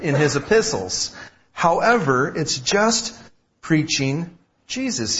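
A man's voice: high voice, fairly bright tone, highs cut off. A man preaching a sermon as pastor, talking in a conversational way, repeating key phrases and restarting sentences.

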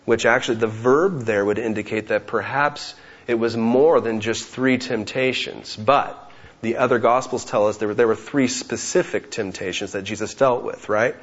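A man's voice: mid-range voice, fairly even intonation, normal speed, muffled recording. A man preaching an expository sermon, who keeps asking rhetorical questions and acts out the voices of the people in the story.

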